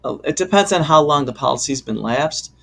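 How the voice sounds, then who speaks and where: Gravelly male insurance expert. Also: fairly high pitch, expressive, fairly bright tone. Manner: measured, hesitant, with fillers. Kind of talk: explanatory casual chat.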